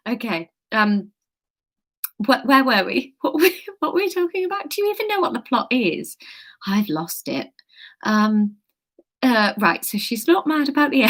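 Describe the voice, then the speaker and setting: A woman's voice: sits high, fairly bright tone. A woman reading her own book aloud, breaking off into giggly, self-mocking asides. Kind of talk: casual read-aloud livestream.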